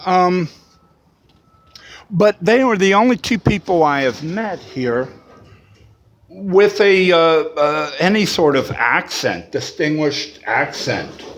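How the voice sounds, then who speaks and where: A man's voice: a little high, animated, slow. A man giving a casual spoken reflection for his vlog, rambling with many fillers and restarts. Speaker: vlogger.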